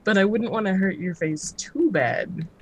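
A woman's voice: medium pitch, measured pace, darkish tone, a little hiss or hum. A woman chatting casually while gaming, teasing and sarcastic, laughing often. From United States. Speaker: gamer.

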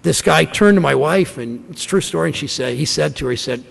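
A man in his fifties from Ohio, a senator giving a speech to a conference audience, telling stories in a folksy way with halting restarts. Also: on the high side. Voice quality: gravelly voice. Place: large conference room. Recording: long hall reverb.

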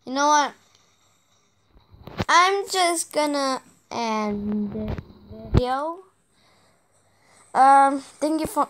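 A high-voiced woman talks slowly over her gameplay. Her commentary is casual, full of exasperated outbursts at the game. She speaks with an unhurried pace. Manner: exasperated exclamations while playing. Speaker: gaming video creator.

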